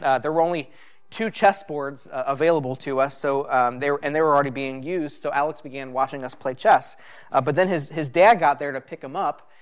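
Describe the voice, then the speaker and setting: A man giving a personal sermon as pastor, talking in a halting, reflective way with many fillers. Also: a little high.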